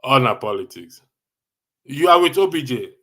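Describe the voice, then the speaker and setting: A man's voice: medium pitch, expressive, moderate pace, bright, forceful tone. A Nigerian man hosting a casual live stream, reading viewer comments with a jokey, teasing manner and frequent laughter.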